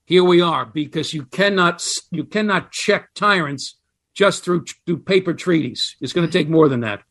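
A man, a guest scholar, talking in a radio interview, explaining ideas with animated emphasis and reading quotations aloud. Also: fairly high pitch, moderate pace. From United States.

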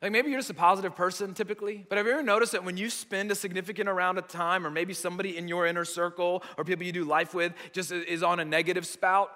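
A man's voice: high-pitched, steady tone, quick pace, few pauses, bright, forceful tone, in a large hall. An American man preaching a conversational sermon, repeating phrases for emphasis. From United States. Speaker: pastor.

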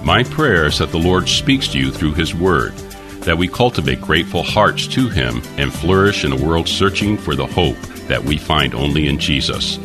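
A man's voice: very deep voice, expressive, moderate pace, over music. A male pastor reading a formal radio sign-off with a closing prayer.

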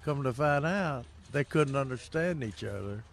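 A man's voice: medium pitch, animated, normal speed, creaky, a little hiss or hum. An older man co-hosting a gardening radio show, telling rambling stories with lots of fillers and chuckles. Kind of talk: casual radio chat.

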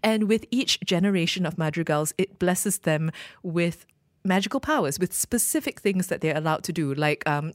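A woman's voice: lowish voice, moderate pace, no echo, clean studio sound. A woman co-hosting a radio film review show, chatting enthusiastically. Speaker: radio co-host.

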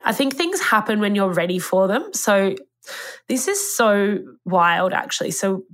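A woman's voice: mid-range voice, sing-song, measured pace, fairly bright tone. A woman, telling a personal story in a candid, rambling way and swearing freely. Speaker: podcast host. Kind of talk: casual storytelling.

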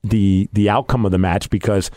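A man co-hosting a casual podcast, telling a story with animated, acted-out dialogue. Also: on the low side, normal speed, dry recording, clean studio sound. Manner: animated storytelling, acting out quoted lines.

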